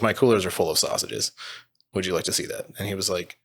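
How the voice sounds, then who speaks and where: A man from Canada, a butcher and business co-owner, telling animated anecdotes as a podcast guest, acting out the people in his stories. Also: low-pitched, fast, slight background noise. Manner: animated anecdotes with quoted voices and laughter. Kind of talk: casual podcast storytelling.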